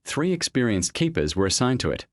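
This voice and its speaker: A man giving grave, measured scripted documentary narration, often posing rhetorical questions. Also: medium pitch, sing-song, dry recording, clean studio sound.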